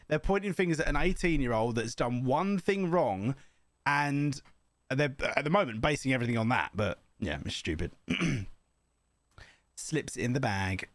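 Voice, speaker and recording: A man's voice: mid-range voice, lively intonation, normal speed, a bit bright, no room sound, clean studio sound. A young man rambling and joking as he hosts a reaction video. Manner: joking, rambling, laughs often. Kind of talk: casual reaction commentary.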